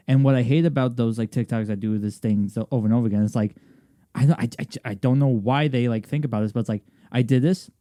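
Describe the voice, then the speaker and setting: Young guy rambling on a podcast, lots of restarts, mellow voice, dry mic. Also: mid-range voice, fast talker, no room sound. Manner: rambling, many restarts and fillers. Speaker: podcast co-host. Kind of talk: casual chat.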